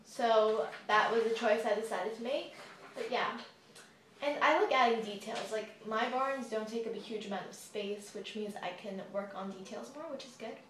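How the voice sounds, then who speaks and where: With her phone camera propped on a table, a young American woman answers Q&A questions for her model horse channel, chatting casually and giggling through rambling asides. Her voice is a little high and her pace normal, and the echoey room carries a faint background hiss.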